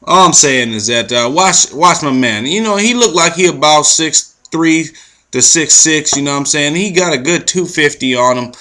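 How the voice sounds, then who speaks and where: Man, slightly high and bright, AAVE, ranting vlog host, profane street talk. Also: moderate pace. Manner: profane, animated, confrontational street slang. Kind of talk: ranting news commentary.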